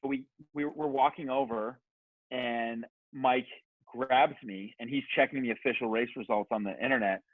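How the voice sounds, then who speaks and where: A man on a podcast, telling a long story in a casual, animated, rambling way, swearing freely and saying "like" a lot. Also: medium pitch, normal speed, no echo. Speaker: podcast guest. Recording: tinny phone-like sound, dry.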